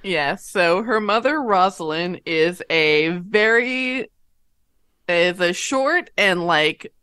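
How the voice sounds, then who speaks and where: A woman player in a tabletop role-playing game, describing characters in a thoughtful, unhurried way. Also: lowish voice, lively intonation, sharp tone, smooth, no room sound, studio quality.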